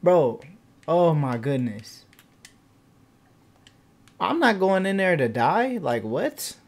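A young man runs a gaming channel, delivering casual let's-play commentary full of loose slang. His voice sits on the high side and moves at a slow pace, broken by bursts of loud, excited shouting.

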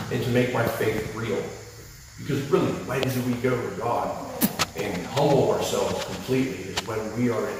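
An earnest middle-aged man preaches a sermon in a mid-range voice. He talks plainly and stacks phrases into loud, rhythmic lists. The sound comes from far back in a long, echoing hall. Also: medium pitch. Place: church hall. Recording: echoey hall from far off, faint noise.

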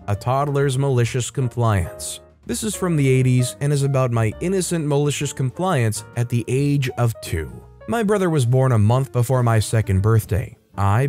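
Guy reading reddit-style stories, casual and wry, medium voice, soft guitar behind. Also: medium pitch. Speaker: narrator of online stories. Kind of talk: reading stories aloud with comments.

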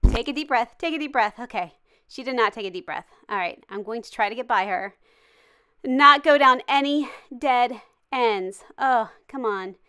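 A woman's voice: a little high, moderate pace, bright, forceful tone, clear, resonant tone. A woman hosting a gaming channel, giving cheery, jokey and dramatic running commentary as she plays. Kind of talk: playful game commentary.

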